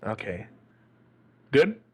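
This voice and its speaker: A man's voice: drawn-out words, darkish tone, highs cut off. Ranting, stammering man on a call. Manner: ranting, swears freely, stammers and restarts. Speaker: podcast co-host. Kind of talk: casual chat. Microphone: joined by video call.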